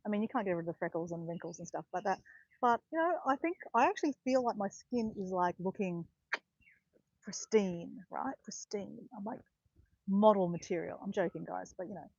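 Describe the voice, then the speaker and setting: A woman's voice: medium pitch, expressive, brisk, gravelly, a little mellow, no echo, lo-fi sound. Chatty woman vlogging on a walk. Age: around 50. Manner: chatty and rambling, correcting herself as she goes. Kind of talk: casual walking vlog chat. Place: outdoors in botanical gardens, walking.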